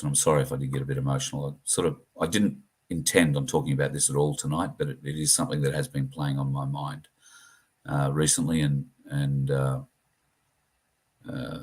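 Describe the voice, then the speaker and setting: A middle-aged Australian man with a very deep, rough-edged voice speaks straight to his viewers on a livestream. He talks earnestly and plainly, stopping and starting with ums and uhs as he goes. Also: steady tone. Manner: earnest, plain-spoken, halting with many fillers. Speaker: livestream host. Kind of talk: casual livestream talk to viewers.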